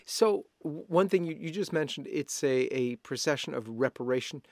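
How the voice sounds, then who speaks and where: Guy host urging folks to come out, kinda gravelly, dry mic. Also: on the high side, lively intonation, normal speed, no room sound. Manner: emphatic, urging. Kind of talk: talk show hosting.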